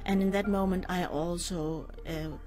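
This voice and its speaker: An older woman in an interview, recounting a personal ordeal in a measured, halting way with pauses and fillers. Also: lowish voice, steady tone, a little mellow. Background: faint music.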